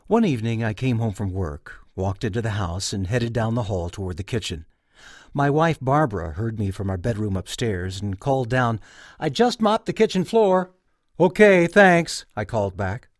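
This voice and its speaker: A middle-aged man hosting a podcast, narrating a personal story in a reflective, wry, clearly articulated way. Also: fairly low pitch, darkish tone, no echo, studio quality. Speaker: podcast host.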